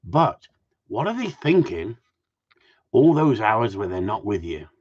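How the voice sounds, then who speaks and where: Standing out in the cold, a gundog trainer rambles casually to his audience, joking and reading their comments aloud. His lowish, darkish voice swings widely in pitch and moves a little slowly. Everything sounds muffled and lo-fi.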